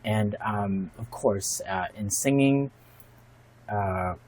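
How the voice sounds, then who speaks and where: A man's voice: on the low side, slow pace, a little mellow, rough recording. A man hosts a reaction video, giving thoughtful and admiring commentary with frequent fillers and restarts. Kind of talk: casual spoken commentary.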